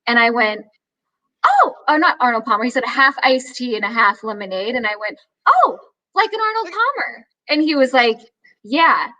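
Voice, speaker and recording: A young adult actress chatting as an interview guest, telling lively stories, acting out quoted voices and laughing often. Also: female voice, fairly high pitch, moderate pace, low-quality recording. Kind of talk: casual interview chat.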